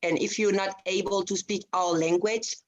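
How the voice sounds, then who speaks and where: A woman's voice: medium pitch, fairly even intonation, normal speed, lo-fi sound, natural voice. A woman playing a rude, condescending copy-shop clerk in an improv scene over a video call. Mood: dismissive. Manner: curt, dismissive, condescending.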